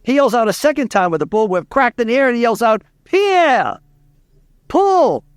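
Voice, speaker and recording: A man's voice: extremely high pitch, fast talker, clean tone, no echo, studio quality. A man from Louisiana, a speaking coach telling stories in an interview, emphatic and repeating key lines. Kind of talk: interview storytelling.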